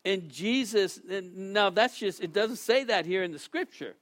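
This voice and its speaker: Guy with a high voice preaching casual, lively, dry close sound. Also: normal speed, dry recording. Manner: animated, restarts often, acts out quotes. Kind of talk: casual sermon.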